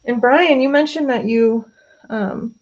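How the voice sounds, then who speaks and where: This art live stream host has a high-leaning voice and talks a little slowly. She paints while chatting casually, reading viewer comments and explaining her pastel work with lots of fillers, on slightly dull, lo-fi audio.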